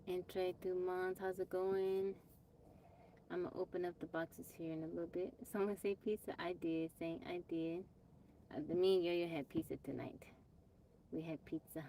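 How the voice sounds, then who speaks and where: A woman's voice: on the low side, fairly even intonation, normal speed, dark tone, a little hiss or hum. A woman from Texas hosting a casual livestream on her phone, chatting with viewers, greeting them by name and brushing off trolls plainly. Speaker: livestream host. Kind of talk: casual live-stream chat. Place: off-grid home.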